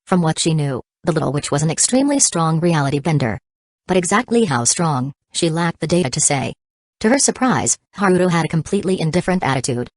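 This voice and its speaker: A woman narrating an audiobook in an even, steady storytelling manner. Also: low voice, fast talker, no echo.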